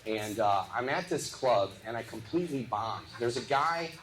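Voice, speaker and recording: A man from the Midwest doing live stand-up comedy, joking back and forth with audience members in quick, punchy bits. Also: mid-range voice, animated, soft background music. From Midwest of the United States. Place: live comedy show venue. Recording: echoey live venue with loud crowd noise. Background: audience laughter and applause.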